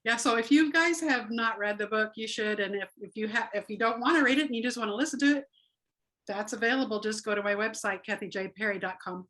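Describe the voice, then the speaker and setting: A woman's voice: fairly high pitch, quick pace, a bit bright, poor audio. A woman author hosting a casual interview, friendly and encouraging toward her guest. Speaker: author, host.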